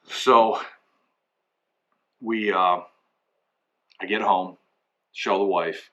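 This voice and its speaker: A man's voice: low-pitched, fairly even intonation, extremely slow, pauses often, pushed and bright. A man telling a rambling comedic story, acting out both sides of each conversation. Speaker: comic storyteller. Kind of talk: comedic anecdote monologue.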